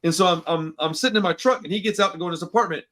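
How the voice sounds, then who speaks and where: A man's voice: high voice, racing, fairly bright tone. A man in his forties from Texas, hosting a podcast and telling rambling stories full of slang and swearing. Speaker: podcast host. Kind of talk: casual chat.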